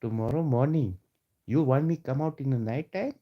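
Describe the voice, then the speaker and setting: A man's voice: mid-range voice, normal speed, dull audio. A man delivering a confrontational street rant, taunting and challenging his listeners and repeating himself. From South Africa. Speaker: protester.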